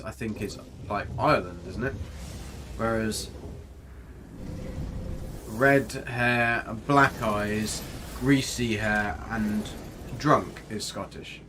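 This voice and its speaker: A man's voice: mid-range voice, noisy background. Chatty man streaming a game. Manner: chatty, jokey, rambling, reads chat aloud. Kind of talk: casual live-stream commentary. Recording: faint music behind.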